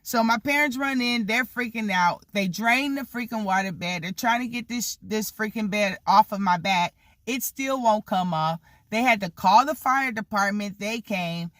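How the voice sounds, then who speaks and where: Animated, cussing storyteller in their thirties. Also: mid-range voice, moderate pace, no room sound, studio quality. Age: 30s. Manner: animated, swears freely, acts out the people in the story; heavy use of "like" and "you know" fillers. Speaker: vlogger telling a story. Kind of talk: casual storytime vlog.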